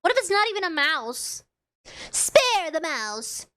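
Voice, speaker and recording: A woman's voice: very high voice, sing-song, measured pace, pushed and bright. A young woman streaming a horror game, reading its text aloud with playful commentary and dramatic sound effects.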